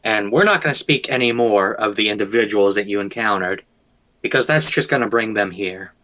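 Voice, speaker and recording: A man's voice: on the low side, a little fast, bright, forceful tone. A man playing a tabletop game in character, asking questions and prodding for details.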